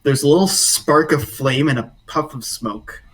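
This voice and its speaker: A man running a tabletop game as game master, narrating in a relaxed way full of fillers. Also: medium pitch, a little slow, distant mic, rough recording.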